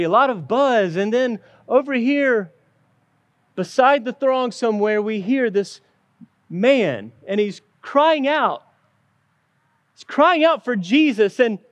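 A pastor with a high voice preaches a sermon earnestly, telling stories and acting out the quotes within them. The recording has no echo.

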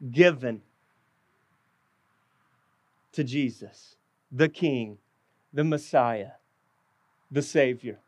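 A man preaching a sermon with passion, often dropping low and slowing down to stress his words. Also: no echo. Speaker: pastor.

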